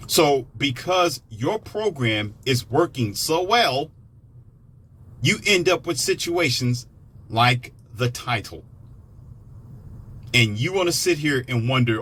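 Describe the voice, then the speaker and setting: A man in a sarcastic, animated ranting monologue, now and then jumping into mocking high-pitched impressions. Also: slow, pauses often, breathy edge. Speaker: commentator.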